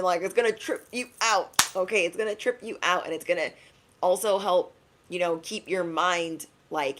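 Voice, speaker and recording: Chatty low-voiced spiritual woman. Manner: chatty, slangy, acts out quick asides. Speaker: spiritual reader. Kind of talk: casual spiritual pep talk.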